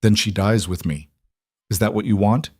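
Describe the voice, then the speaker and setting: A cornered thriller villain with a foreign accent, voiced by a man. He speaks low and cold in clipped threats. The recording is dry and close. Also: normal speed, a little mellow, dry recording, lightly acted. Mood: desperate.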